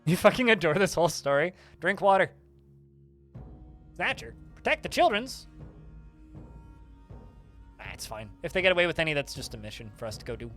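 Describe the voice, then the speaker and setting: A man's voice: a little high, expressive, fast talker, few pauses, a bit bright, faint music behind. A man streaming a game, casually telling a rambling anecdote full of fillers. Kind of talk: casual storytelling while playing a game.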